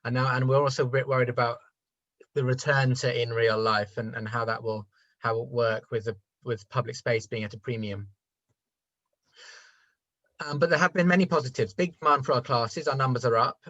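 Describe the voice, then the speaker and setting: A man teaching adult education, giving a quick, rambling conference presentation on a video call. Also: medium pitch, fairly even intonation, a bit bright, no room sound. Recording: dull dry video-call audio.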